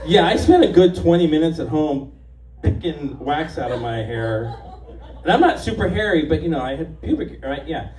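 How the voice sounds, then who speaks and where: A man's voice: a little high, lively intonation, normal speed, darkish tone, recorded from a distance. Chatty comedian man, echoey room. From Los Angeles area, USA. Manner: chatty, confident, self-mocking storytelling. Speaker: stand-up comedian. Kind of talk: live stand-up set. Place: stage of a bar. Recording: echoey bar room from afar, faint noise.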